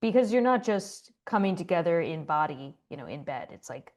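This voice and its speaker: Enthusiastic woman podcast host, slightly low. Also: sing-song, normal speed, a little mellow. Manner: enthusiastic, reflective. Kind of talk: casual chat.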